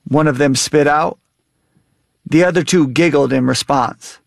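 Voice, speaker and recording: A man in his thirties, appearing as a guest author, reads from his memoir and answers interview questions earnestly and in a measured way. His voice is on the high side with vocal fry, and the background is noisy.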